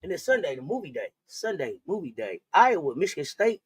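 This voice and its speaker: A woman's voice: deep voice, big pitch swings, brisk, breathy edge. A woman co-hosting a casual live stream, giggling, laughing through her words and repeating phrases. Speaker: co-host.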